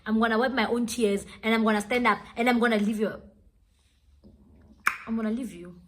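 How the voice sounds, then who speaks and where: A young woman with a South African accent, telling a dramatic personal story in a casual, lively way and switching between English and Sesotho phrases. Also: on the high side, fairly quick. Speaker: vlogger.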